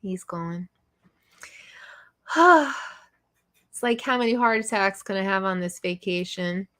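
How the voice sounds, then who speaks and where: A woman's voice: medium pitch, slow pace, a bit bright. A woman hosting a live stream, chatting casually and rambling with frequent laughs. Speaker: live show host.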